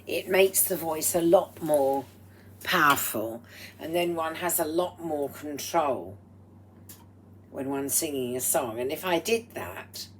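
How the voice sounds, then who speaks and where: Slow, low-voiced woman with a throaty voice. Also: fairly bright tone, slight background noise. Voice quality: throaty, strained voice. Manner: slow and deliberate, drifting into breathy whispered asides; proper, slightly formal phrasing. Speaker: vlogger. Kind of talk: rambling personal vlog monologue. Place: at home while cooking. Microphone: speaking into a microphone.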